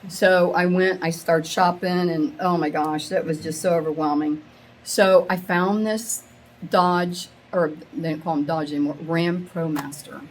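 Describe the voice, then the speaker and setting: A middle-aged woman telling a rambling, excitable story to a small live group, acting out the quotes with big jumps in her voice. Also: lowish voice, unhurried, slight background noise, poor audio. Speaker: meetup attendee sharing a story. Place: women's meetup gathering, audience laughing.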